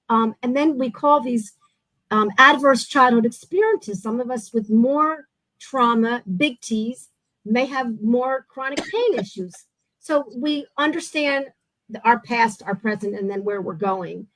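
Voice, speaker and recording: A woman hosting an interview, telling stories in an animated way with many restarts. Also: high voice, no room sound, poor audio. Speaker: host. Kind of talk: casual interview chat.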